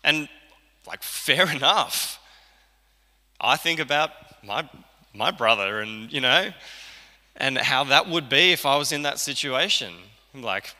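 A man's voice: medium pitch, expressive, measured pace, long pauses, pushed and bright. A man preaching a sermon in a conversational way, acting out the lines he quotes. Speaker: pastor. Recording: church hall reverb.

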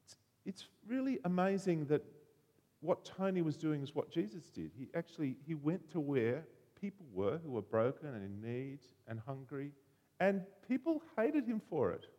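A man preaching a sermon, telling a story in an animated way and acting out the voices. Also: fairly high pitch, normal speed, long reverb tail, dull audio.

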